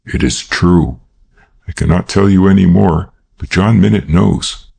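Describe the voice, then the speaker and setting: A man's voice: low voice, a little slow, creaky, mellow, slightly rough, full character voice. A man reading an audiobook, voicing a young man who pleads earnestly and with passion. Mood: pleading.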